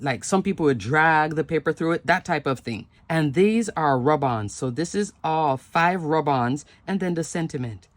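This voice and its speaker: A woman's voice: sits low, no echo. A woman hosting a casual craft show-and-tell, gushing and chatty, often asking if things are pretty and repeating her love for them. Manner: chatty, asks "isn't that pretty?". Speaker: papercraft channel host.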